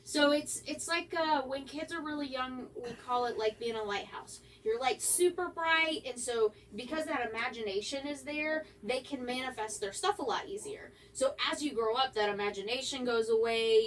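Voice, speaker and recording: A woman's voice: on the high side, normal speed, few pauses. A woman paranormal investigator telling her experiences in a casual interview, chatty and full of "like" fillers. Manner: chatty, many "like" fillers, lively quoting. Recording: slightly distant mic with faint background noise.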